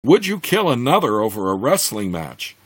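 A man voicing a stern, scornful female weretiger who scolds others in a storybook reading, in a husky voice. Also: mid-range voice, big pitch swings, normal speed, no echo. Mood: scolding. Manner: scornful, commanding.

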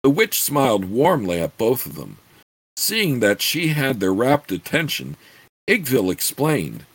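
A man narrating a fantasy audiobook in an expressive, lively read-aloud way. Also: mid-range voice, unhurried, breathy edge.

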